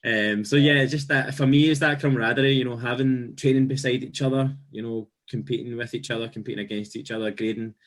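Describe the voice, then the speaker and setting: A man on a casual podcast, reminiscing in a steady, reflective way with frequent restarts. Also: mid-range voice, fast, few pauses. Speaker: podcast co-host.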